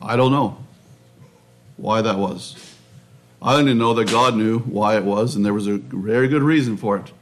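A man preaching a sermon in a measured, reflective way, often restarting his phrases. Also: lowish voice. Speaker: pastor.

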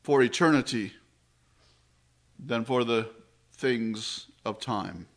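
A man preaching a sermon in a slow, measured way, his voice dropping low and soft on solemn phrases. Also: gravelly.

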